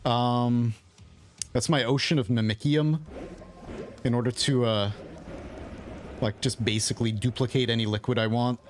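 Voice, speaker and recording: A man's voice: mid-range voice, fairly even intonation, normal speed, pauses often, faint music behind. A man who is losing his voice, casually thinking aloud as he explains his gameplay as the host of a gaming video.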